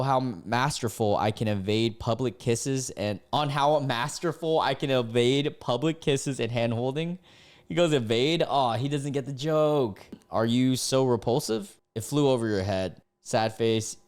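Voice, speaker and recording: A young man reading dating app posts aloud and reacting casually, laughing and breaking into sudden high-pitched disbelief. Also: normal speed, darkish tone.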